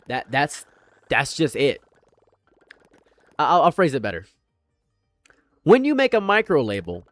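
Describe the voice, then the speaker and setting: A man's voice: medium pitch, no room sound. A man streaming a commentary rant, blunt and sarcastic, swearing freely and repeating his points over and over.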